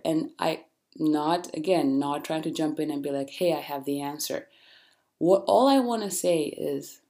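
A woman hosting a podcast, talking straight to listeners with blunt, animated, faith-based encouragement. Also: low voice. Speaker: podcast host. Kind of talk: casual motivational monologue.

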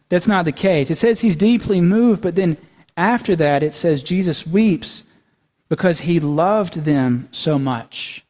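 A male pastor with a notably high voice preaches a conversational sermon, often turning to his listeners with quick check-ins. His voice rings out with a long reverb through a church sanctuary. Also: a little mellow. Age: young adult to middle-aged, has young kids. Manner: conversational, asks the congregation "right?" and "okay?".

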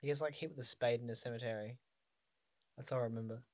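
A man's voice: medium pitch, fairly even intonation, quick pace, no echo. Easygoing man, dry sound. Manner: easygoing, swears, chatty. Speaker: podcast co-host. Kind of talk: casual chat.

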